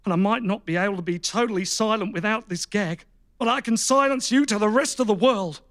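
An actor playing a grim, deadpan, vengeful captor in a comedy audio drama. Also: male voice, sits high, brisk.

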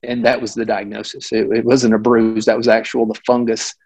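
A man's voice: on the low side, fairly quick, breathy edge, low-quality recording. Middle-aged male doctor telling a case story. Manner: animated, with frequent restarts and asides. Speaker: physician guest. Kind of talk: conversational storytelling.

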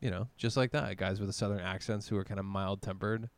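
A man's voice: on the low side, quick pace, clean tone, no echo. Blunt, profane young man, dry close sound. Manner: blunt, profane, laughs often, bleak deadpan jokes. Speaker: podcast co-host. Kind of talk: casual crude banter.

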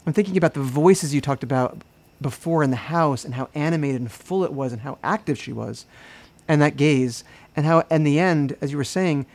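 A man hosting an interview, soft-spoken and hesitant, repeating words as he frames his questions. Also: on the high side, a little fast. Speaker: interviewer, host.

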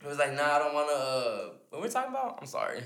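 A man's voice: a little high, huge pitch swings, rapid-fire, vocal fry, fairly bright tone, reverberant. A man hosting a casual podcast, telling a rambling story full of restarts and laughter. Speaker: podcast host.

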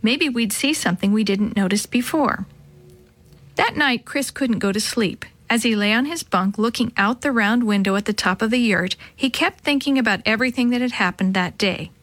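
A woman's voice: a little high, a little fast, hardly any pauses, a bit bright, no room sound. A woman narrating a children's chapter story, friendly and addressing young listeners.

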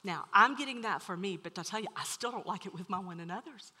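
A woman preaching a sermon to a room, telling a story with animated swings from loud to hushed. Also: mid-range voice, fast talker. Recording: long hall reverb.

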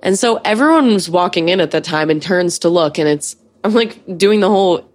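Young woman host, lowish voice, casual storyteller who swears a lot. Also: animated, brisk. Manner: profane, chatty, many fillers. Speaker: podcast host.

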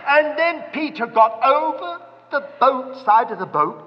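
Male preacher, dramatic storyteller, high voice, lo-fi hall reverb. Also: animated, unhurried. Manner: dramatic storytelling, acting out quotes. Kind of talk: sermon. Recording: dull reverberant hall recording.

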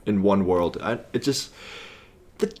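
A young man co-hosting a casual podcast, eager and halting, full of fillers and restarts. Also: low voice, darkish tone. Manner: enthusiastic, halting, many fillers. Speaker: podcast co-host. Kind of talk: casual chat.

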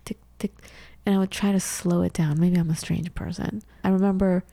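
A woman's voice: fairly low pitch, fairly even intonation, brisk, vocal fry, dark tone, no room sound. A woman podcast co-host in her thirties telling candid personal stories in casual conversation, with frequent restarts.

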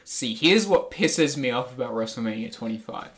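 A man's voice: mid-range voice, lively intonation, normal speed, fairly bright tone. Young man ranting casually, swearing freely. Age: young adult. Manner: rambling, swears freely, ranty. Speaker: podcast co-host. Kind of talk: casual wrestling review chat.

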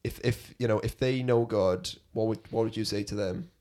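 A man's voice: fairly low pitch, moderate pace, warm tone. A man hosting a podcast, asking thoughtful questions in an earnest way. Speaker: podcast host. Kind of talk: casual interview.

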